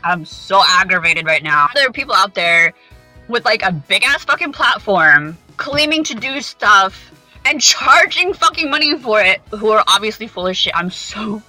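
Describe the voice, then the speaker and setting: Worn out and hoarse, this young woman swears freely while vlogging to her viewers from a psychic conference. Her voice is fairly low, bright, and forceful, and the audio quality is poor.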